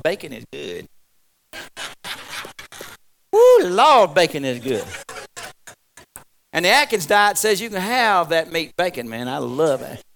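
A man preaching a folksy, rambling sermon, swinging from loud exclamations to quiet asides. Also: high voice, vocal fry. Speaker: pastor.

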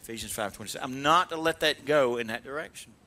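A male pastor preaching a sermon in animated storytelling with call-and-response, often laughing as he tells stories. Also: medium pitch, quick pace. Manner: laughs while telling stories.

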